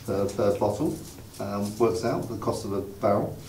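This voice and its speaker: A man's voice: fairly low pitch, normal speed, mellow. A man co-hosting a wine tasting, with dry humor, working out prices aloud. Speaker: wine show co-host. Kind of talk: casual wine tasting chat. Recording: roomy sound, mic at a distance.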